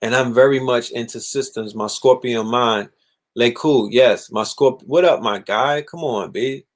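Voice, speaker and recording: A young man hosting a casual livestream monologue, animated and profane, sometimes mocking others in put-on voices. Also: medium pitch, a little slow. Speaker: livestream host.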